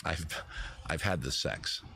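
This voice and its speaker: A man's voice: mid-range voice, big pitch swings, normal speed, a bit bright, a little hiss or hum. Rambling self-mocking male comedy host. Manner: rambling, self-mocking, giggles at own jokes. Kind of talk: comedic live-stream banter with guitar.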